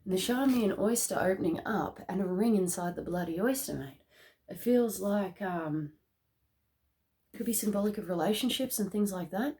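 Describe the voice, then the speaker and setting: Woman, tarot reader on a casual video reading; excitable, laughs a lot, keeps tagging "okay?" after each point. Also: mid-range voice, normal speed. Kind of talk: casual spiritual card reading.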